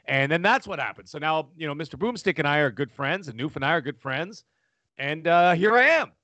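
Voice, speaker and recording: A middle-aged man, a podcast guest, telling his story in a loud, animated, casual way with many restarts. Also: fairly high pitch, a little fast, dry recording. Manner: animated, talks loudly with many restarts and laughs. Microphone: studio microphone.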